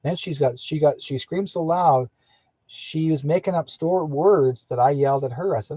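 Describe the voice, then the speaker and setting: A man's voice: on the high side, moderate pace, warm tone, slightly rough, no echo. A man hosting his own radio show, telling a story in a rambling casual way, with restarts and acted-out quotes. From British Columbia, Canada. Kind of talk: casual call-in radio monologue.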